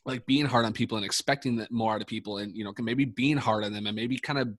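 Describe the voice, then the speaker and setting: A man's voice: lowish voice, fairly even intonation, fast, dry recording. A man telling a long story in a casual podcast chat, rambling and swearing, full of fillers and restarts. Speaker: podcast speaker, sports coach.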